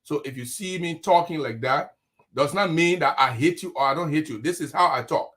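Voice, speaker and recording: A man hosts a live online talk show in a fairly high voice. He leans hard on every point and speaks with deliberate emphasis. He sounds middle-aged. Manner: emphatic, forceful delivery.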